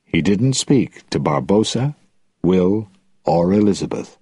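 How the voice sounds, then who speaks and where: A man reading a story aloud with slow, expressive narration. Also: sits low, slightly rough, no echo, studio quality.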